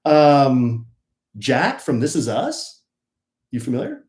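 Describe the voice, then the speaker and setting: A man's voice: mid-range voice, very animated, slow, darkish tone, roomy sound. A man co-hosting a casual live-stream chat, with a playful, teasing manner. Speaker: co-host.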